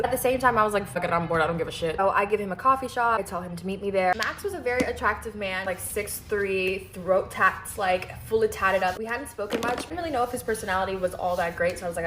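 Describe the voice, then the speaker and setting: A young woman rattles off a first-date story at a quick clip, frank and self-assured with casual swearing. A faint hum sits in the room behind her. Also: medium pitch.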